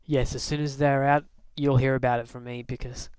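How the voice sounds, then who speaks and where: Casual male vlogger, mid pitch, relaxed chat, dry close sound. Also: brisk, smooth, no room sound. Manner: relaxed, chatty, lots of fillers.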